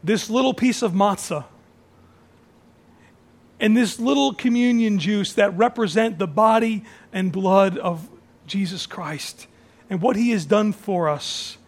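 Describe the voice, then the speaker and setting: A man preaching a communion sermon as pastor, repeating phrases for emphasis and swinging from soft, hushed lines to raised, forceful ones. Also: high voice, a little slow. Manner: dramatic swings from soft near-whisper to raised, shouted phrases.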